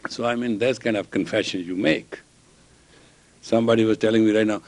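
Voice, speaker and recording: A man's voice: on the low side, steady tone, a little fast, long pauses. A man giving a spiritual lecture as a teacher and counselor. He tells humorous anecdotes and leads a guided meditation. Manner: storytelling, joking, acts out both sides of dialogues.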